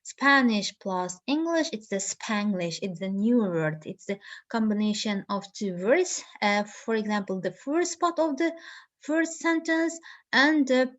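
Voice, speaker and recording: A woman teaching a lesson, reading from her notes slowly and carefully with frequent pauses and fillers. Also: medium pitch, expressive, highs cut off.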